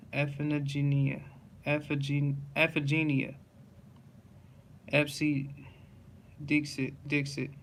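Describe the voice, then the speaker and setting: Man, dictionary word list reading, dead flat monotone, halting restarts, faint background hiss. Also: medium pitch.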